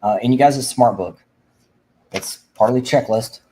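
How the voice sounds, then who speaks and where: A man from Indiana hosts a livestream for veterans, preaching fervently and rambling as he keeps restarting his thoughts. His mid-range voice is mellow and moderately paced. The recording is rough, with slight background noise.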